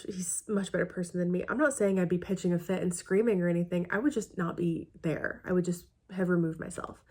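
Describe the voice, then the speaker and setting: A woman hosting a reaction video, casually recapping a film in a chatty, emotional way with trailing asides. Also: lowish voice.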